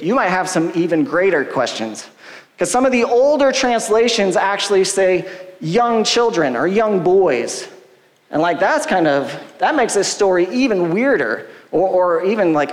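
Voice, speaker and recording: A man preaching a casual sermon, retelling the story conversationally with quick quoted asides. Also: high voice. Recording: long hall reverb.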